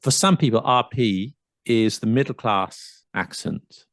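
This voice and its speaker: Man, southern English accent, slight London tinge, low gravelly voice, lively casual chat, dry close sound. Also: a little slow, no room sound. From south of England. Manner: lively, animated, mimics accents playfully. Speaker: podcast host.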